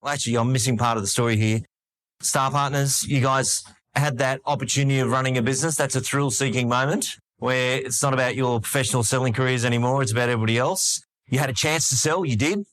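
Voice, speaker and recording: Brief: male podcast host, brisk, dry close sound, frames questions for guests. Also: mid-range voice, steady tone, fairly bright tone, no echo. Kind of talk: podcast interview.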